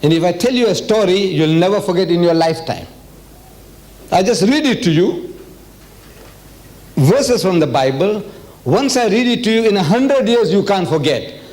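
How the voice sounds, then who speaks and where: An older man from South Africa giving an animated public religious lecture, asking the audience questions and reading passages aloud. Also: high-pitched, normal speed, long pauses.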